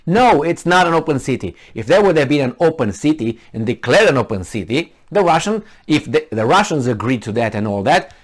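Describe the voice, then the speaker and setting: A man's voice: medium pitch, sing-song. Man with a delivery commenting on news. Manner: halting, many fillers and restarts, grows heated and sarcastic. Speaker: commentator reading news aloud. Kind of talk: casual spoken commentary on news articles.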